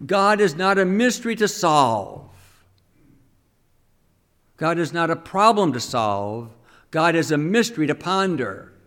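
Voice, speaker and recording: A fairly bright, somewhat high male voice leads a teaching homily. He speaks in a conversational way, asks his listeners plenty of questions, and dramatizes quoted speech as he goes.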